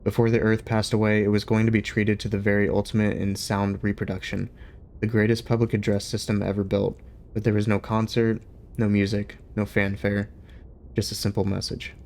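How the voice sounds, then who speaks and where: A young man reads a novel aloud on his livestream, then drifts into easygoing chatter with his viewers. His voice sits fairly low and relaxed, and he laughs easily. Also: brisk. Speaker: streamer reading a book aloud. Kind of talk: casual reading aloud on a livestream.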